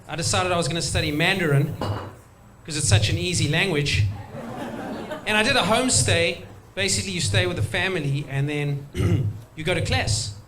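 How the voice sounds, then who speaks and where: Guy doing standup, high voice, keeps cracking himself up. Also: normal speed, fairly bright tone, slight background noise. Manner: chatty, self-amused, laughs at own jokes. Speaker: stand-up comedian. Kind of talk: stand-up comedy set. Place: stage at a live comedy show.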